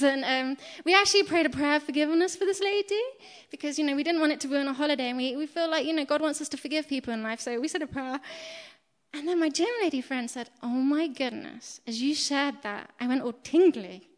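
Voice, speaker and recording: A woman giving a chatty, storytelling sermon in a church hall, animated and quick to laugh at herself. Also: high-pitched. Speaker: preacher. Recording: long hall reverb.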